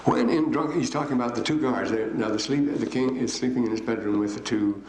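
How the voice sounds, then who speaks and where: An older man giving a rambling, digressive classroom lecture with frequent pauses. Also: mid-range voice, a little mellow. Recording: echoey room, faint hiss.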